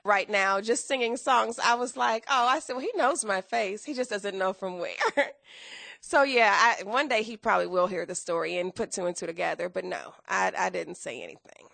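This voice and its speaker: A woman guest telling her story in a podcast interview, acting out quotes with big jumps in pitch and bursts of laughter. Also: moderate pace, vocal fry, a bit bright, no echo.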